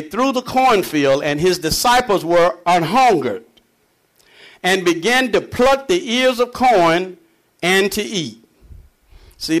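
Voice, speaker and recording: In a high, fairly bright voice, a man gives a conversational sermon. He reads passages of scripture aloud, explains them in a homespun manner, and lets out frequent chuckles between points.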